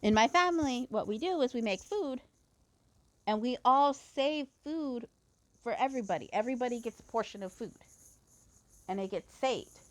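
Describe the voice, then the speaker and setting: A woman's voice: fairly high pitch, lively intonation, normal speed. Young woman ranting with lots of swearing. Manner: profane, heated ranting. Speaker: fan reader. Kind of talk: casual ranting storytelling.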